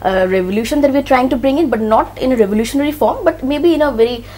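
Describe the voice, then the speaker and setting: A woman radio jockey talks at a quick clip in a casual interview. She rambles freely and fills her sentences with little fillers. Faint room ambience sits behind her. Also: sits high, darkish tone, slight background noise. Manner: spontaneous, chatty, lots of fillers.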